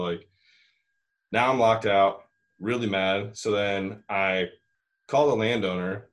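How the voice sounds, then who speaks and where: Young male storyteller, lowish voice, rambling casual delivery. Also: slow, long pauses. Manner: rambling, frequent "like" and "you know", swearing. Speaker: hunter telling a story.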